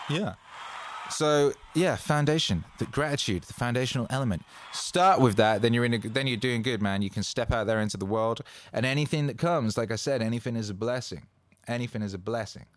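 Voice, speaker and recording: A man hosting a casual motivational monologue, swearing freely and rambling with bursts of excitement. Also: lowish voice, no echo. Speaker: host.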